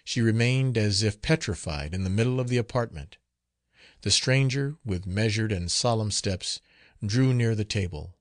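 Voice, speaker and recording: A man narrating a gothic novel as an audiobook, reading in a measured, solemn manner. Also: lowish voice, no room sound, studio quality.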